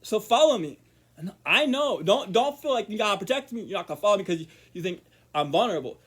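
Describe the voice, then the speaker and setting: A man vlogging in a casual monologue to camera, rambling with repeated words and restarts, murmuring quiet asides. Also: high-pitched, lively intonation, fast, slightly rough.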